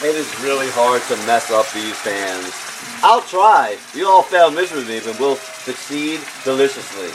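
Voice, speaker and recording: A man hosting a casual live cooking show at home, joking and shouting catchphrases. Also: mid-range voice, sing-song, moderate pace, noisy background. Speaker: home cook host. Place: home kitchen with pan sizzling.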